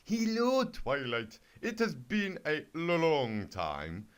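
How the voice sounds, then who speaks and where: A man doing a slow, mock-suave pony prince. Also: a little high, very animated, clear, resonant tone, pitched above the performer's own voice. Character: charming male winged pony, aloof.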